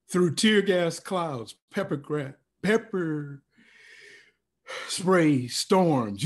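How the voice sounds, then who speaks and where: A man's voice: a little high, slightly rough. A man performing his own spoken word poem over a video call, with rhythmic, chanted repetitions and rising cries. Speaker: performance poet. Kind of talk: spoken word poetry reading.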